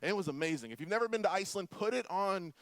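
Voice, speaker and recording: Pastor guy in his 40s from florida, a bit high voice, lively funny stories, dry close sound. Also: very fast, no echo. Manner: animated, humorous storytelling with quiet prayer. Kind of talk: sermon with storytelling.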